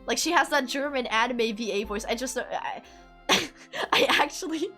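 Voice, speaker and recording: A woman's voice: a little high, a little fast, pushed and bright, soft background music. A woman streamer chatting casually to her viewers, giggly and self-deprecating. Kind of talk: casual live-stream chat.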